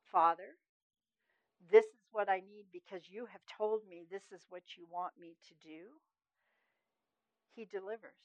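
A woman sharing a personal testimony of prayer, earnest and story-driven, dropping to a hush at moments. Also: mid-range voice, no room sound, dull audio. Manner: earnest storytelling, swings from loud to hushed. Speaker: ministry founder sharing testimony.

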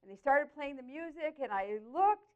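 A woman sharing her personal Christian testimony, telling the story in an earnest, expressive way with lively swings in her voice. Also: high-pitched, normal speed. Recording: dull, lo-fi audio.

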